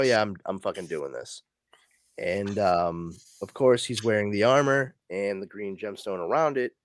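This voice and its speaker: A man's voice: low voice, no echo, clean studio sound. A man hosting a podcast, casually recapping a comic book story in a rambling way, full of fillers. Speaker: podcast host.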